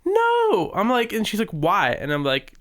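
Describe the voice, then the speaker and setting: Young guy rambling thru family stories on a podcast, kinda high voice, does little voices for people. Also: animated, fairly quick, sharp tone. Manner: rambling storytelling with lots of fillers and acted quotes. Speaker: podcast co-host. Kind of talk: casual chat.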